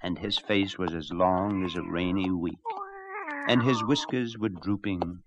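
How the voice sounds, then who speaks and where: A man narrating a storybook tale in an expressive, animated reading style. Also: low-pitched, measured pace, highs cut off, noisy background.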